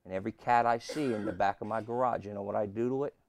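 A pastor preaching a sermon and telling a humorous story, with lots of rhetorical questions. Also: male voice, on the low side, fairly even intonation, fast talker, gravelly, darkish tone, no echo. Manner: humorous, repeats key lines.

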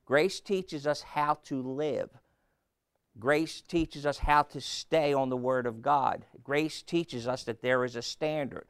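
A man's voice: medium pitch, takes it slowly, clean tone, no echo, clean studio sound. A man preaching a sermon, emphatic and rhetorical, firing questions at the congregation and repeating phrases for effect.

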